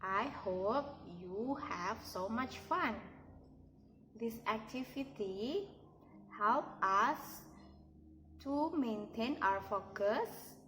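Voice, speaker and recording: A woman preschool teacher with an Indonesian accent, talking to toddlers in a slow, sing-song, encouraging way. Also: a little high, expressive, fairly bright tone, a little hiss or hum. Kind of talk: toddler lesson. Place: classroom, indoors.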